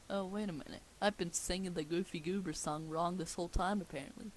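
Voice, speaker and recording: A woman's voice: lowish voice, steady tone, brisk, hardly any pauses, a little hiss or hum, rough recording. Giggly woman reading a script aloud. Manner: giggly, chatty asides. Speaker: script reader. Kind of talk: casual comedic script reading.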